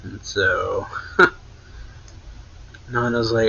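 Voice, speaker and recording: A man with a lowish, husky voice and a sharp, forceful edge, casually retelling a comic chapter. He rambles, stacking fillers and correcting himself as he goes. The recording sounds dull and lo-fi. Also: slow, long pauses. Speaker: anime reaction channel host. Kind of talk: casual manga chapter recap.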